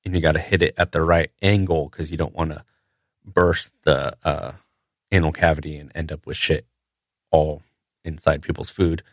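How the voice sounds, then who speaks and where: A man's voice: rumbling low, little pitch movement, normal speed, no room sound, studio quality. A man, a butcher hosting a podcast, casually telling how a poultry line works in a matter-of-fact way with frequent fillers. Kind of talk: casual storytelling.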